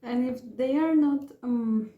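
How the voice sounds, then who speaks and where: A woman's voice: high-pitched, unhurried, roomy sound, phone-quality sound. A woman, chatting her way through a home cooking tutorial with rambling asides and restarts. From Peru. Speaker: home cook vlogger. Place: home kitchen.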